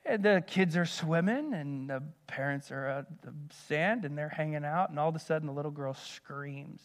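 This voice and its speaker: A middle-aged man preaching a sermon, with loud, emphatic peaks that drop to soft, quiet asides. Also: fairly high pitch, moderate pace. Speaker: pastor.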